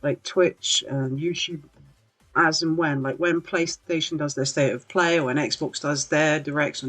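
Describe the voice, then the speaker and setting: A rambling livestream podcast host talking about games, full of ums and self-deprecating asides. The voice sits at a middle pitch, with soft music playing faintly behind. It sounds like a home streaming setup with a desk mic. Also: slightly rough. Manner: rambling, filler-heavy, self-deprecating laughs. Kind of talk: casual livestream chat. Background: faint background music.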